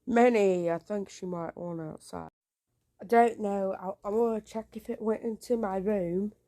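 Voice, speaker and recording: Young woman vlogger, mellow voice, nervous and rambling, hushed and sweary, filmed on a handheld phone indoors. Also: medium pitch, fairly even intonation, unhurried. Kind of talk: casual handheld vlog. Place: small home indoors at night.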